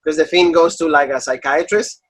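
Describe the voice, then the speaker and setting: A man's voice: on the high side, steady tone, a little fast. A man co-hosting a wrestling podcast in casual chat, rambling with lots of filler words. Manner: rambling, many "like" and "you know" fillers.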